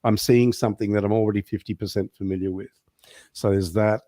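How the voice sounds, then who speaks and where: A man with a low voice speaks as the guest on an online talk show. He explains steadily and lets his sentences trail off quietly. The sound is dry and close. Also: fairly even intonation, fairly quick, dry recording. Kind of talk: casual online show interview.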